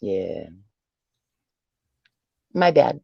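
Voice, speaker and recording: A man's voice: mid-range voice, sing-song, extremely slow, vocal fry, slightly rough, no echo, highs cut off. A man calling into a stream, chatting casually, rambling and hunting for words. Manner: rambling, hesitant, searching for words. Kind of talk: casual chat.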